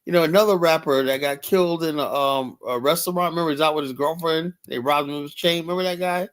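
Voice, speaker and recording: A man's voice: on the high side, quick pace, a bit bright, smooth. An older man hosting a livestream, talking casually and bluntly, swearing often and leaning heavily on "you know". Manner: rambling, blunt, profane, many "you know" fillers. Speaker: livestream host. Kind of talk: casual livestream talk reading chat.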